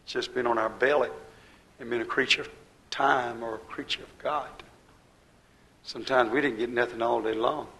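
A man preaching to his congregation with a gravelly edge in his voice. His delivery is folksy and direct. He swings between loud, emphatic bursts and low, quiet stretches. His pitch sits in an ordinary middle range. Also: poor audio. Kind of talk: sermon.

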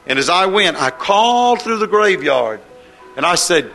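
A man preaching with an impassioned cadence that swells and falls. His voice is bright and forceful and sits a little high. Faint music plays under him. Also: very animated, normal speed, vocal fry. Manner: impassioned, rising and falling cadence. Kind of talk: sermon.

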